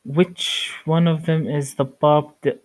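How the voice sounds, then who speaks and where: A male player at a tabletop game who talks slowly and hesitantly. He fills the gaps with fillers as he works out his moves. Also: a little high, little pitch movement, poor audio. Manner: slow, hesitant, many fillers.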